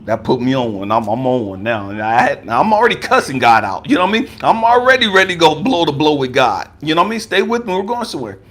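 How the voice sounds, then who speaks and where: A man giving a raw, impassioned testimony, emphatic and profane. His voice is high and husky, swinging widely in pitch as he presses his points. He talks like a life coach confronting hard things head-on. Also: lively intonation, fast, hardly any pauses, fairly bright tone. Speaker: life coach and motivational speaker.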